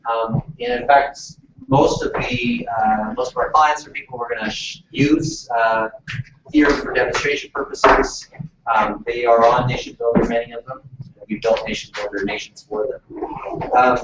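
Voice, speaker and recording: A man with a mid-range voice leads a workshop in a meeting room, talking casually at a moderate pace with lively intonation, lots of fillers, and restarts. The recording is muffled and noisy, captured from far off in an echoey room.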